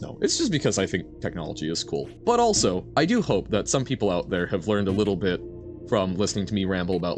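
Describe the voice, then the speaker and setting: A man streaming a game, chatting casually with his audience in an animated, rambling way that keeps correcting itself. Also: fairly low pitch, brisk, music in the background. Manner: animated, rambling, self-correcting, answers chat. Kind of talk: casual live-stream chat while gaming.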